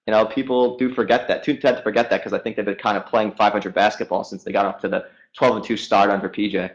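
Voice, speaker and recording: A man who is a guest sports reporter, talking very quickly in a casual chat and leaning on lots of "I mean"s. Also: fairly low pitch, steady tone, highs cut off. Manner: talks very fast, many "I mean"s.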